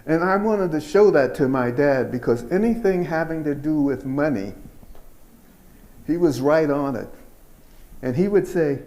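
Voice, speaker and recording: An older man giving a keynote speech, telling personal stories in an unhurried, folksy way with pauses and fillers. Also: a little high, lively intonation, mellow. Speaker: keynote speaker. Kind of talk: storytelling speech.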